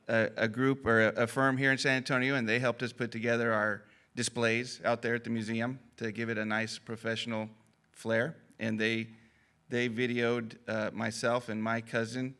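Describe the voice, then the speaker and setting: A man's voice: medium pitch, sharp tone, smooth. A man giving a casual history talk at a conference, folksy and self-deprecating, chatty with lots of fillers. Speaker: conference speaker. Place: conference hall.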